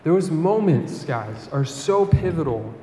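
A young man giving a conversational campus sermon, telling a lively personal story and often asking "right?". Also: fairly high pitch, slow pace, echoey room, in a large hall, slight background noise. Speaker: campus ministry speaker.

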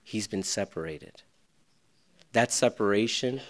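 A man preaching a sermon, swinging between loud, urgent passages and hushed, near-whispered ones. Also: mid-range voice, expressive, a little slow. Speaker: pastor.

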